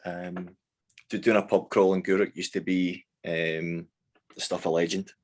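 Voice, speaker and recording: A man's voice: sits low, level tone, unhurried. A man with a Scottish accent, a band member chatting casually in an interview, rambling with many fillers and restarts. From Scotland.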